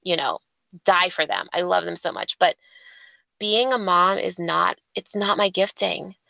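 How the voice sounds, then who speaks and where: A woman telling a personal story, candid and halting, often pausing with fillers, her voice carrying vocal fry. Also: fairly low pitch, expressive, pushed and bright, no echo. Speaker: guest sharing a story.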